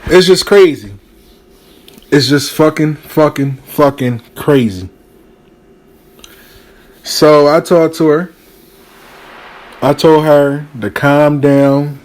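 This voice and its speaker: A man telling a story casually, animated and profane, acting out the people he quotes. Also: on the high side, slow pace, long pauses.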